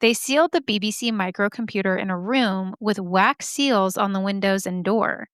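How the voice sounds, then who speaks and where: A woman's voice: medium pitch, moderate pace, fairly bright tone, no room sound, studio quality. A woman hosting a podcast, telling a story casually with joking asides and lots of "like". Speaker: podcast host.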